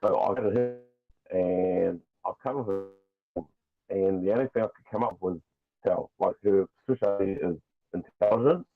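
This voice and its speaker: A rambling, jokey man with a New Zealand accent talks casually as a podcast guest. His voice sits on the low side. It comes through a thin, phone-like call connection. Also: moderate pace, gravelly. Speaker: guest toy customizer. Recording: tinny phone-like call line.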